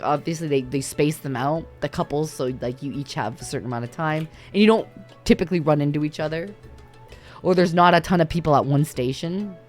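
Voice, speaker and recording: Woman streamer, casual story time, laughs a lot, swears freely, faint music behind. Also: fairly low pitch. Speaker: livestreamer. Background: faint background music.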